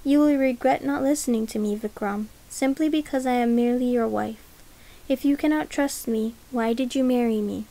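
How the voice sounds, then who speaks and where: A woman reading the part of a guarded noblewoman, the regent's wife, speaking in a measured, careful way. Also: fairly high pitch, fairly even intonation, mellow, close to an everyday voice, poor audio. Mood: bitter.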